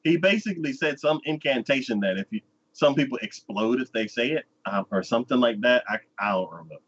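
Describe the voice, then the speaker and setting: A man's voice: mid-range voice, lively intonation, fairly quick, breathy edge, dull audio. A man hosting a casual podcast, telling a story in a loose, rambling way and acting out the characters. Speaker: anime review podcast host. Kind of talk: casual chat recapping an episode.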